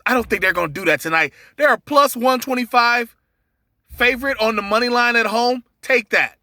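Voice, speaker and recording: A man's voice: very high-pitched, normal speed, pushed and bright, no room sound, studio quality. A man hosting a sports betting podcast, talking through his picks in a loose, rambling way with lots of fillers and restarts. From Cincinnati area. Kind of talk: casual betting picks monologue.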